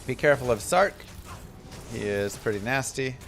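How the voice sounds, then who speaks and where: A man's voice: medium pitch, animated, moderate pace, vocal fry, a bit bright, slight background noise. A man giving casual, chatty commentary while streaming a game, mixing game tips with family stories.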